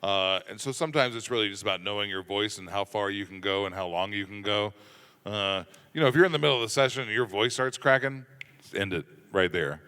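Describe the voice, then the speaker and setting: Low, bright-toned man in an echoey hall. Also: a little fast, clean tone. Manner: loose, joking, lots of fillers like "you know" and "uh". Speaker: voice actor on a convention panel. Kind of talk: casual panel talk. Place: large convention hall.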